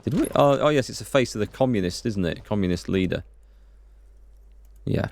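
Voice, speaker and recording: A man's voice: lowish voice, expressive, darkish tone. A man hosting a let's play, chatting and musing aloud as he plays. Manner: chatty, musing, quick to exclaim. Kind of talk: gameplay commentary and reading.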